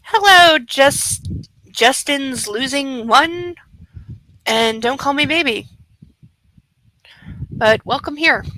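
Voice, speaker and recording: Woman streamer, sarcastic, swears a lot, bright sharp voice, dry close sound. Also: high voice, lively intonation, slow pace, pauses often, dry recording, rough recording. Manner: sarcastic, profane and chatty. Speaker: streamer hosting a book club reading. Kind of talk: casual live-stream commentary.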